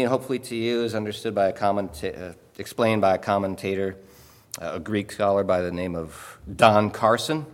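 A man preaching a sermon in a conversational way, often pausing to ask "okay?" and repeating words as he explains. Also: on the low side. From Illinois. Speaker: pastor. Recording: long hall reverb.

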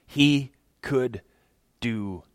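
A man preaching a verse-by-verse sermon in a conversational, animated way, acting out the scenes. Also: medium pitch, drawn-out words, dry recording. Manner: animated, conversational, acts out the text. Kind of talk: expository sermon.

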